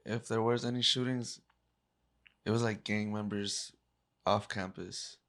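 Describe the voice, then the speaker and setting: A man's voice: fairly low pitch, fairly even intonation, a little slow, a bit bright. A man co-hosting a casual podcast, mostly chiming in with short remarks and laughing along. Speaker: podcast co-host.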